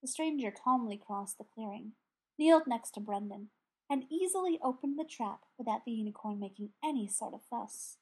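Woman narrator, audiobook, breathy and somewhat high. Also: lively intonation, moderate pace.

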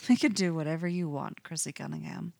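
Woman voicing a gentle, low-voiced young man. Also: brisk, creaky, no echo, heavily acted. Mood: tender. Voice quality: low scratchy voice. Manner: soft, soothing.

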